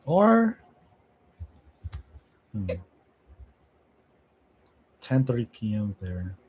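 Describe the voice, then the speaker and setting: A man's voice: on the low side, wildly swooping pitch, drawn-out words, a little mellow, a little hiss or hum. A man chatting casually with viewers on a livestream, thinking aloud, laughing often and trailing off into asides. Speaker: language-learning streamer.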